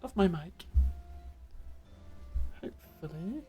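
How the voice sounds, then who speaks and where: A woman's voice: on the low side, lively intonation, slow pace. A woman streaming a game, chatting casually and self-deprecatingly on a studio mic with a pop guard at home.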